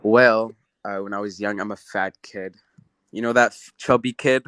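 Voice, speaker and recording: Brief: easygoing guest man, playful slang, slightly low voice, casual call-in chat. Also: steady tone, normal speed, fairly bright tone. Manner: laid-back, slangy and playful. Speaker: guest caller on a live lesson.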